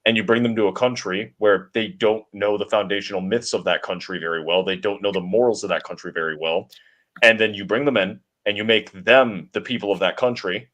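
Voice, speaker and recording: A man with a fairly low voice delivers long, assertive political commentary as co-host of a talk stream. He talks in a steady flow and seldom stops.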